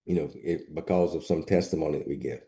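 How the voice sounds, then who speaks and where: A man's voice: rumbling low, fairly even intonation, quick pace, warm tone. A man teaching a lecture to graduate students, plain and matter-of-fact, repeating his points. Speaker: instructor. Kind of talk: recorded lecture.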